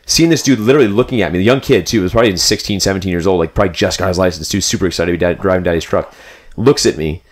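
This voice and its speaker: Rapid-fire and low-pitched, this young man rambles through a road trip story on a casual podcast. He's animated, leaning constantly on fillers like "like" and "dude".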